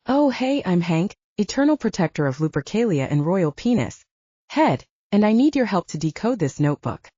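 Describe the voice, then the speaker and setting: A woman voicing a playful young woman who teases her companions, speaking in a high, bubbly voice in an audiobook. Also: big pitch swings, moderate pace, warm tone, slightly rough, dry recording, dull audio.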